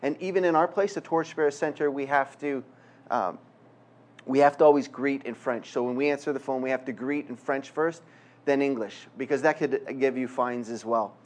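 A man's voice: mid-range voice, normal speed. A man from a ministry center speaking informally to a Christian gathering, conversational with dry humorous asides. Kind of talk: informal talk to a Christian audience.

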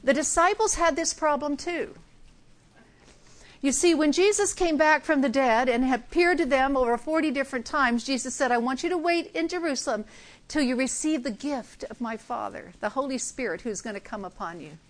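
A woman's voice: high-pitched, normal speed. An older woman giving a conversational sermon, acting out Bible scenes with humor. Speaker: preacher.

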